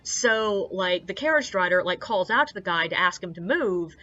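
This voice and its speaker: A woman's voice: on the low side, animated, normal speed, sharp tone, muffled recording. A young woman, a tour guide, telling anecdotes in a chatty, casual way, peppered with likes, uhs and swearing. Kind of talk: casual storytelling vlog.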